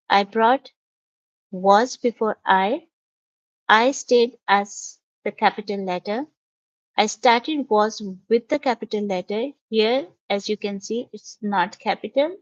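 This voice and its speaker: A woman teaching basic English grammar, explaining each step slowly and patiently over a screen lesson. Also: medium pitch, no echo. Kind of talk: slow, careful classroom explanation. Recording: dull, dry lo-fi audio.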